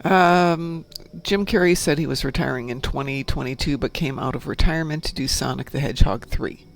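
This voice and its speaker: Gravelly man hosting a gaming stream. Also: mid-range voice, fairly quick. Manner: relaxed, chatty, reads viewer comments. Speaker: stream host reading chat. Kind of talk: casual chat while gaming.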